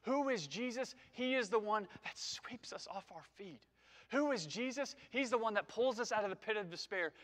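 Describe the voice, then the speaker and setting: A man preaching a sermon to his congregation, animated and conversational, joking as he reads and explains scripture. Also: high-pitched, fairly quick. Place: church sanctuary. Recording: preached in a church hall with long reverb.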